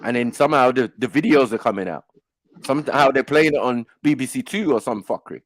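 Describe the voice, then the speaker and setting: A man's voice: medium pitch, fast, no echo. A middle-aged man, telling stories in casual panel chat and acting out the voices he quotes. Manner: animated storytelling, acts out voices in quotes. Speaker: panel host.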